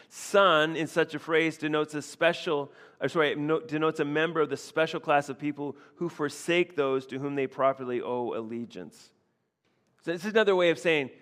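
A man with a slightly high voice preaches in a relaxed, conversational way. He keeps doubling his words and tossing out quick "right?" asides. His voice rings with a long hall reverb. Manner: conversational, repeats phrases, frequent "right?" asides. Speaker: pastor. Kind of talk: expository sermon.

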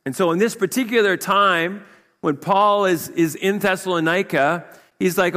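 A male pastor giving a conversational sermon, full of rhetorical questions and quick asides. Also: high-pitched, fairly bright tone. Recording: long hall reverb.

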